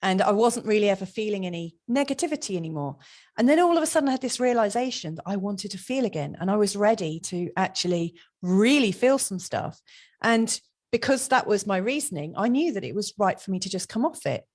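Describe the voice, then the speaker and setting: A woman guest speaks openly and thoughtfully about her own experience. She talks at an easy pace in a voice of medium pitch. Her tone is relaxed and conversational. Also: a little fast. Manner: open, reflective, laughs easily. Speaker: astrologer and coach, guest. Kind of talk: casual conversation.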